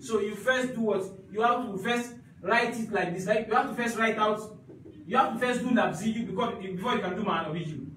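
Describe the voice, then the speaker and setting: A man's voice: extremely high pitch, a bit bright, very echoey, recorded from a distance, a little hiss or hum, low-quality recording. A man teaching an Arabic grammar class, repeating each point and checking that students follow.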